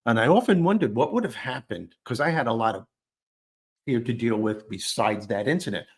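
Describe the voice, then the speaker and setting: Animated man telling a funny childhood story. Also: medium pitch, a little fast. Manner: animated, self-deprecating, acts out quotes. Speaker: guest storyteller. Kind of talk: conversational storytelling.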